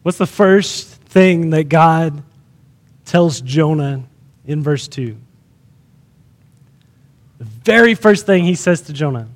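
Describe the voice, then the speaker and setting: A man's voice: sits high, animated, a little slow, long pauses, in a large hall. A man pastor preaching a sermon to his congregation, repeating phrases for emphasis and asking the room questions. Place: church sanctuary.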